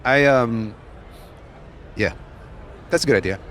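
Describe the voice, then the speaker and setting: A man's voice: mid-range voice, slow, fairly bright tone, a little hiss or hum. A man co-hosting a live podcast at a conference, chatting casually and rambling through restarts and laughs. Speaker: podcast co-host. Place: conference hall floor.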